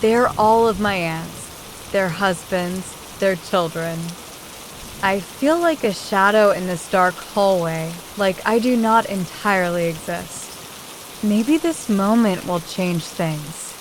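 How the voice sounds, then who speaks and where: A woman reads a first-person story aloud as an audiobook. Her delivery is slow and measured, with a mid-range pitch, and a faint patter of rain sits behind her voice. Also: slight background noise, poor audio. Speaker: audiobook narrator. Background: soft rain sound.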